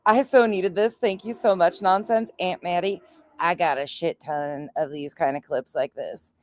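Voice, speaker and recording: A woman with a low voice, recorded dry and close to the mic. She hosts a commentary stream in a casual, crude way, mocking the clips she plays and laughing along. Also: fairly even intonation, moderate pace, a little mellow, no echo.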